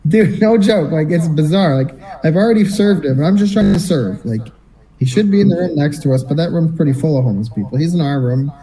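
Mellow-voiced man telling a story. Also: a little high, brisk, rough recording. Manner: animated anecdotal storyteller, acts out quotes. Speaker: podcast co-host. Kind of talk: casual storytelling chat.

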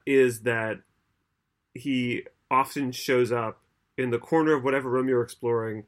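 A man's voice: mid-range voice, fairly even intonation, measured pace. A man co-hosting a podcast in casual chat, explaining at length and laughing often. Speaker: podcast co-host.

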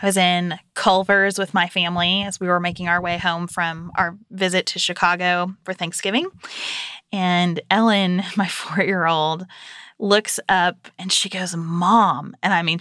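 A woman in her thirties, a podcast co-host, telling a family story in casual chat and lively quoting her child. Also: fairly low pitch, clean tone, no room sound, clean studio sound.

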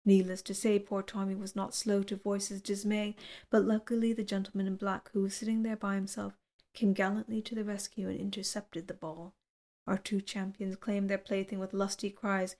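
Woman reading a novel, flat delivery. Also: medium pitch, brisk. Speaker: audiobook reader. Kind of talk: literary audiobook narration.

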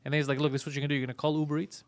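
A man hosting a casual podcast, telling a profane, animated story full of acted-out quotes. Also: a little high, rapid-fire, no echo. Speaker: podcast host.

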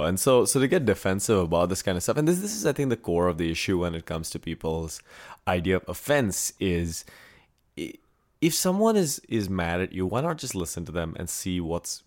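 A man from India co-hosting a podcast, chatting casually and playfully. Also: fairly low pitch. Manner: animated, playful with points game. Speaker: podcast co-host. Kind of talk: casual chat.

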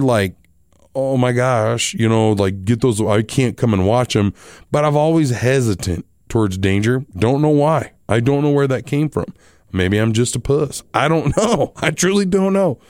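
A man's voice: mid-range voice, a little mellow, clean tone, no echo, studio quality. A man hosting a podcast, telling a rambling personal story in a casual way, laughing often at himself. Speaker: podcast host.

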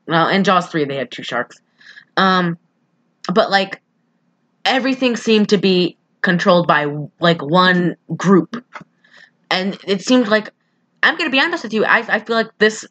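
A woman co-hosting a casual movie review podcast, animated and full of fillers, acting out characters as she talks. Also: medium pitch, unhurried. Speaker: podcast co-host.

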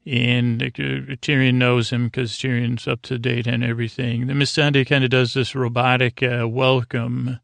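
A man's voice: mid-range voice, level tone, moderate pace, creaky, hardly any pauses, a bit bright, no echo. A male podcast host giving a casual, rambling recap of a TV episode and often correcting himself mid-sentence. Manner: rambling, loose, self-correcting.

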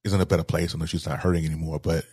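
A man telling a personal story in an interview, halting and repeating words as he speaks with grief. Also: extremely low pitch, level tone, darkish tone, slightly rough, no echo, clean studio sound. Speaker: guest.

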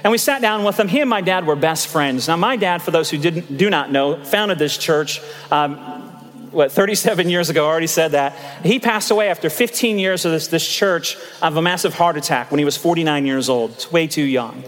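A man in his fifties preaches a sermon in an animated, chatty style, spinning stories and tossing asides to his congregation. His voice sits high for a man and the words come quickly. Long reverb from the church sanctuary trails behind every phrase. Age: 50s. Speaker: pastor.

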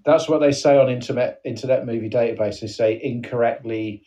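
A man's voice: medium pitch, a little fast, mellow. Rambling, playful man podcasting. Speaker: podcast co-host. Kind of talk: casual comedy chat. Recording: dull, distant podcast audio.

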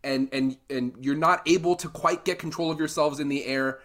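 A man narrating as game master of a tabletop game, halting and repeating words as he goes. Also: fairly high pitch, steady tone, a bit bright.

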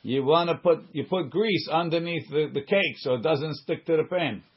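A man leads a Talmud study class, reading each line of the text and then explaining it in plain, conversational English. He often restarts sentences and drops in side remarks. His voice is slightly husky, and the recording sounds dull and lo-fi. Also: a little high, moderate pace. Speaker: Talmud teacher.

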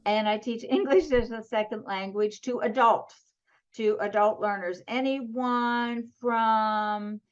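The same kind of relaxed interview talk comes from a middle-aged Pennsylvania woman, an author guesting via video call, full of humor and frequent laughter. She speaks slowly in a fairly high, fairly even voice, and the recording sounds muffled.

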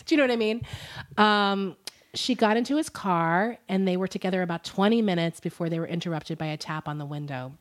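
A woman telling a story to her co-host in a loose, conversational way. Her voice sits fairly low. She leans on fillers and breaks into laughter often. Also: fairly quick. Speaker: podcast co-host. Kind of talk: casual storytelling chat.

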